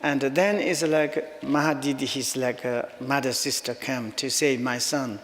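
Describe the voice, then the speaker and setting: A man giving a Buddhist teaching in halting, non-native English, often chuckling as he tells jokes. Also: mid-range voice, fairly even intonation. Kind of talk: dharma teaching talk. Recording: long reverb in a hall.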